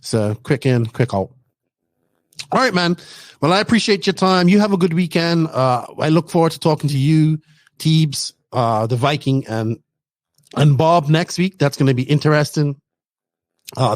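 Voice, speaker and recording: A man's voice: on the high side, normal speed, no echo. A man hosting a podcast, chatting casually and teasing his co-host. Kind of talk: casual chat.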